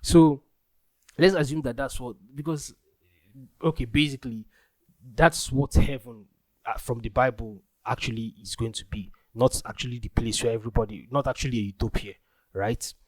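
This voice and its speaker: A young man with a Nigerian accent hosts a casual solo podcast, rambling loosely through his thoughts with many restarts and fillers like "like." His mid-range voice is steady, at normal speed, with no room sound.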